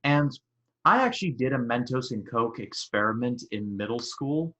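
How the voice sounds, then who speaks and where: A man in his twenties co-hosting a podcast in casual chat, excitable and prone to loud exclaimed outbursts. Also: mid-range voice, moderate pace, lo-fi sound. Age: 20s. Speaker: podcast co-host.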